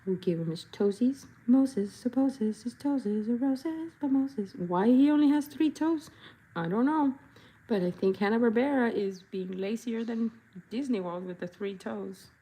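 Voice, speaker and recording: Playful, husky-voiced woman chatting while painting. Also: a little high, animated, a little slow, dark tone. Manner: playful and chatty, breaks into silly voices and jingles. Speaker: body painter and vlogger. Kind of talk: casual chat while painting.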